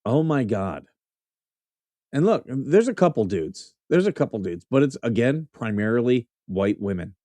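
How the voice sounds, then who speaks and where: A man's voice: mid-range voice, big pitch swings, normal speed, dark tone. A man hosting a casual news commentary show, blunt and mocking, swearing freely as he reacts to clips. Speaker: host.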